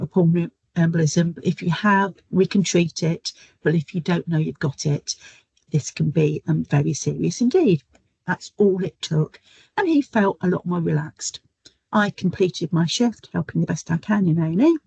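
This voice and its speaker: A woman's voice: fairly low pitch, normal speed, gravelly, darkish tone, breathy edge, no echo, muffled recording. A middle-aged woman, talking through a webinar as a nurse educator in a chatty, storytelling way with frequent ums, over a video call. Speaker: guest speaker, nurse educator. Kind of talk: webinar talk with anecdotes.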